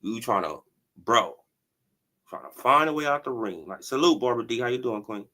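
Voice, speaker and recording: An animated man hosts a casual livestream about boxing. He talks in loose slang, laughs a lot and keeps checking in with "right?" and "bro". His voice sits at an ordinary middle pitch for a man. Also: normal speed. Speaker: boxing commentary channel host.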